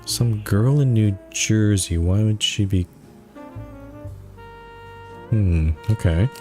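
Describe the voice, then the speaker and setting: A man's voice: fairly low pitch, takes it slowly, dark tone, soft background music. A man streaming a detective game, thinking aloud and reading on-screen text aloud. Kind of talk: let's play commentary.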